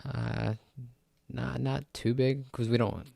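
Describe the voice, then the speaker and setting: A man's voice: medium pitch, level tone, slow, gravelly, darkish tone, dry recording, clean studio sound. A young man co-hosting a podcast, laid-back and matter-of-fact, often answering in short replies. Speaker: podcast co-host. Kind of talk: casual chat.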